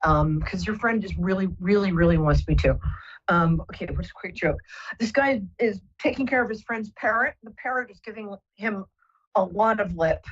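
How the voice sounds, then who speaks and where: A woman's voice: mid-range voice, normal speed, muffled recording. A woman hosting a live psychic call-in show, talking soothingly and rambling with many fillers. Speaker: psychic radio host.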